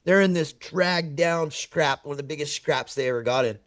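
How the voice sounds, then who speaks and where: A man telling personal stories in a podcast conversation, animated and emphatic, repeating words for effect. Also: a little high, normal speed, no echo, clean studio sound. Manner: animated storyteller who acts out quoted dialogue. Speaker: podcast guest.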